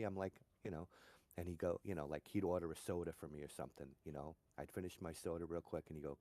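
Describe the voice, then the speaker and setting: Very deep-voiced rambling man. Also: fairly even intonation, fast talker, warm tone, dry recording. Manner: rambling storyteller, full of "you know". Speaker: gamer chatting on a stream. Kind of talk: casual chat.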